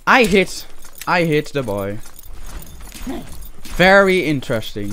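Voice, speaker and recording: A high-voiced man hams it up while commentating his own match, his tone leaping all over the place. He drags out his words at an unhurried pace between bursts of silly trash talk. A faint hiss sits under his voice. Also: very animated, bright, forceful tone. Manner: silly, exaggerated trash talk with mock-serious jokes. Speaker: gaming YouTuber. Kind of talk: playful gameplay commentary.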